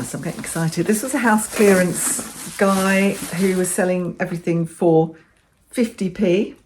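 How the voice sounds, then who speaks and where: A woman's voice: fairly low pitch, background noise. A middle-aged woman chatting enthusiastically as she shows off her bargain finds in a casual vlog. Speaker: vlogger. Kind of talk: casual show-and-tell chat.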